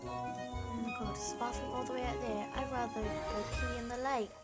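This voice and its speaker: A woman with a New Zealand accent giving excitable, chatty let's-play commentary, calling out to game characters and yelling in reactions. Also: fairly high pitch, moderate pace. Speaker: gaming streamer. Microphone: desk microphone. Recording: loud game music over the voice. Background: loud game music.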